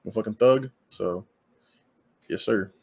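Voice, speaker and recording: A man's voice: lowish voice, unhurried, creaky, a little mellow, husky. Blunt young man, casual profane chat. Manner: blunt, profane, laid-back. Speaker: podcast co-host.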